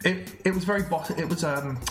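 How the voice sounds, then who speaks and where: A man's voice: on the high side, brisk, roomy sound. A man from England with a British accent, telling a rambling story on a podcast, with many restarts and frequent laughs. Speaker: podcast co-host. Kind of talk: casual podcast chat.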